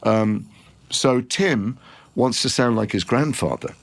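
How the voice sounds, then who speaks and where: A middle-aged man from Liverpool with a softened Liverpool accent, telling long rambling stories in a podcast interview. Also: medium pitch, slow pace, creaky. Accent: refined Liverpool English. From Liverpool, England. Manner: rambling, animated storyteller with many restarts. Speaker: actor guest.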